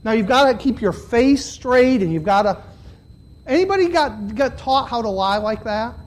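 A man preaching a sermon to a congregation, swinging between loud, high, impassioned stretches and low, earnest appeals. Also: lively intonation, normal speed. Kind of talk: sermon with altar call. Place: church.

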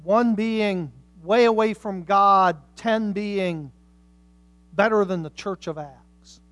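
A woman preaching a sermon with passion, swinging from hushed lines to loud, emphatic ones. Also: mid-range voice, slow, no echo.

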